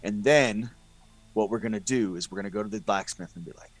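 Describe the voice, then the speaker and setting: A man's voice: fairly low pitch, brisk. A man playing a tabletop game, goofy and scheming, who tends to repeat himself. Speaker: player. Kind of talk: tabletop role-play chat.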